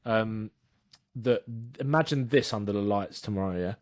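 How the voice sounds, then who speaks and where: A man's voice: fairly low pitch, moderate pace, no room sound, studio quality. A man co-hosting a casual football podcast, chatty and jokey, often trailing off into fillers. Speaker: podcast co-host.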